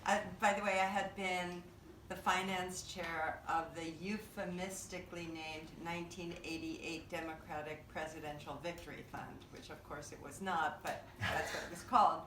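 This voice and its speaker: A woman guest speaker telling a story in an animated, emphatic way. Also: fairly low pitch, normal speed. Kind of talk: casual storytelling. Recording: roomy, distant, noisy room mic.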